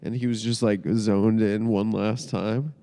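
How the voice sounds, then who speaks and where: A man in his thirties co-hosting a casual comedy podcast, joking and quick to laugh. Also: on the low side, level tone, warm tone, in a large hall. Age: 30s. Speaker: podcast co-host.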